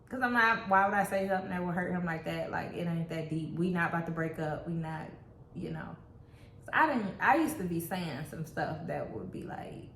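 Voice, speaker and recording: A woman speaks candidly and reflectively in a casual relationship chat, her voice sitting a little low for a woman. The room around her is echoey, with a faint hiss underneath. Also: fairly bright tone. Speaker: co-host.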